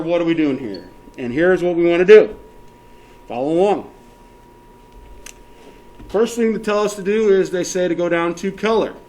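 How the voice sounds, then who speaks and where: A male teacher walks a class through a software lesson step by step, frequently checking that everyone is keeping up and counting the options aloud. His voice is on the high side.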